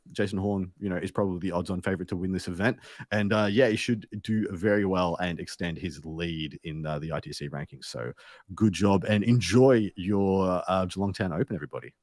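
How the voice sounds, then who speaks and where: Low-voiced, dry-sounding man cohosting. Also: darkish tone, dry recording. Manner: joking, breezy, drawn-out fillers. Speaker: co-host. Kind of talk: casual banter on a gaming show.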